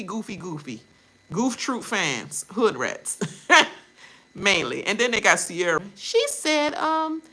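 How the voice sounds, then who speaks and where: A woman rants casually to her viewers, her bright voice swinging widely in pitch. She laughs often and slips into mocking quoted voices as she talks. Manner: animated, laughing, mimics others in quoted voices. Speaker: reaction channel host. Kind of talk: casual ranting commentary.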